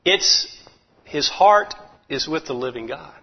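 A man delivers a folksy sermon with animated, chuckling energy. His voice sits a little high, and the recording is dull and lo-fi. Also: slow, husky. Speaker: preacher. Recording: muffled lo-fi recording.

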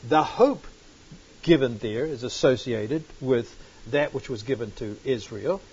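A man's voice: medium pitch, measured pace, darkish tone, husky. A man teaching a Bible study sermon, reading scripture aloud and breaking into sudden emphatic bursts. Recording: dull lo-fi recording.

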